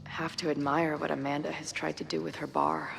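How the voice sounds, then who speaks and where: A woman voicing a young woman's inner monologue with a creaky, gravelly voice. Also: sits low, level tone, fairly quick. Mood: thoughtful. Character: young woman quietly musing to herself. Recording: long reverb, game music.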